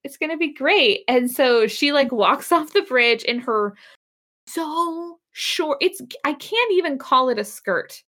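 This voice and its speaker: A high-voiced woman talks casually and sarcastically as a podcast co-host. She laughs often and slips into mock voices for the characters. Her delivery is loose and playful. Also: animated, slow pace, a bit bright. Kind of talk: casual chat recapping a TV episode.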